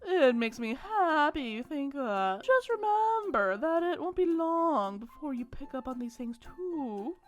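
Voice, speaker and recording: A woman voicing a shy, soft-spoken young woman who talks slowly and apologetically while playing a visual novel. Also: sits high, big pitch swings, faint music behind, pitched above the performer's own voice. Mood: gentle earnest. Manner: slow, gentle, hesitant and apologetic.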